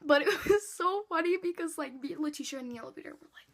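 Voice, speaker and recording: A woman vlogger telling a storytime in an animated way, swearing freely and acting out quotes. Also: sits high, brisk. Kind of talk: storytime vlog.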